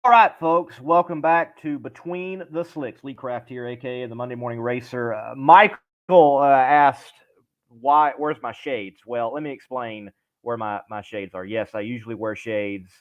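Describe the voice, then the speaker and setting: A man's voice: mid-range voice, measured pace, muffled recording. A man from southern Louisiana hosting a live talk show, friendly and joking, often repeating his words. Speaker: host. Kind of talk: casual live show chat.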